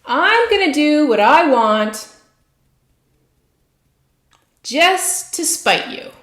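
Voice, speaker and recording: A woman speaking as a defiant inner child, stubborn and petulant. The voice sits high and leaps around in pitch, each line drawn out slowly. It rings in an echoey room. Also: heavily acted. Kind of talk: guided tapping script, spoken defiantly.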